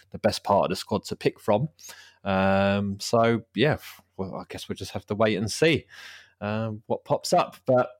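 A man's voice: on the low side, no room sound, studio quality. A man hosting a casual football podcast, rambling and laughing often. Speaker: podcast host.

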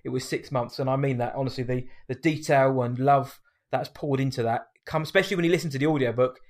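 A man's voice: mid-range voice, steady tone, fast talker. A man co-hosting a podcast, talking casually and with enthusiasm. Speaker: podcast co-host.

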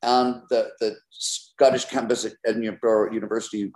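A man being interviewed as an author, talking in a casual, animated way and laughing often between tangents. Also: fairly low pitch, moderate pace. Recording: roomy echo.

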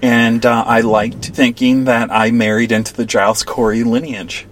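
Man co-host, mid-pitched, playful and jokey, slight hiss under the voice. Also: little pitch movement, normal speed. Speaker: podcast co-host. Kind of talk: casual chat.

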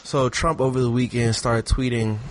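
A man's voice: mid-range voice, moderate pace, noisy background. Laid-back man telling a story. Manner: relaxed storytelling, reads a post aloud in a mock-dramatic way. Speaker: podcast co-host. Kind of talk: casual podcast chat.

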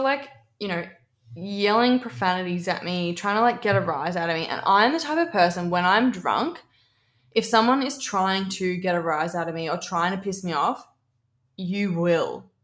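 An animated young Australian woman tells a story in casual podcast chat, swearing freely and acting out the voices of people she quotes. Her voice sits at a middle pitch. The room around her is echoey. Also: normal speed. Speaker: podcast co-host.

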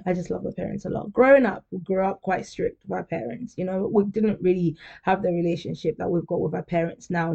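A woman's voice: lowish voice, gravelly, mellow, dull audio. A young woman hosting a podcast, talking candidly and chattily in a casual monologue, often laughing. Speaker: podcast host.

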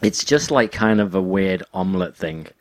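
A man's voice: low-pitched, expressive, normal speed, dry recording. A man from England in casual podcast chat, telling stories with dry asides.

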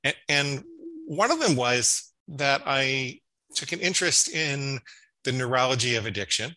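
A man's voice: mid-range voice, very animated, a little slow, bright, forceful tone, low-quality recording. A man in his fifties, a psychologist guest explaining and telling stories in a conversational interview, often restarting his words. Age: 50s. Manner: explanatory storytelling with frequent restarts.

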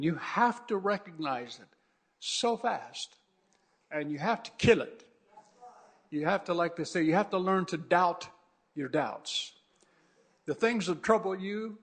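A man who is a pastor, preaching a fervent sermon that repeats itself and often restarts. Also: a little high.

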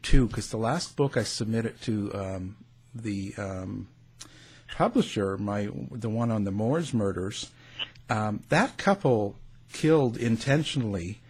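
Husky Canadian man hosting a chat. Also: on the low side, expressive, a little mellow. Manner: rambling, filler-heavy, quick to laugh. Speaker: show host. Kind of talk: casual interview chat.

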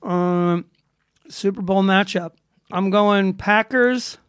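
Man, high voice, wavering and indecisive, wry humor, dry recording. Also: slow, a bit bright, clear, resonant tone, no echo. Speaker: podcast co-host. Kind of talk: casual sports chat.

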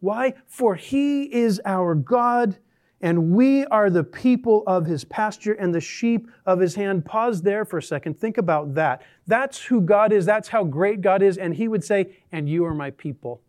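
High-voiced man preaching a lively sermon. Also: measured pace. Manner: animated, jokey preaching with dramatic quotes. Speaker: pastor.

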